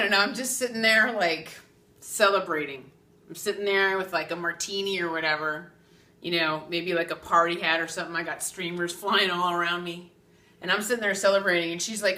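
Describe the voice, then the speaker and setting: A chatty woman psychic medium teaches in an animated way, laughing often and checking in with "okay?". Her voice is bright. It echoes around the room and is picked up from a little way off. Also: on the low side, a little fast, far from the mic. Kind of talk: spiritual teaching talk.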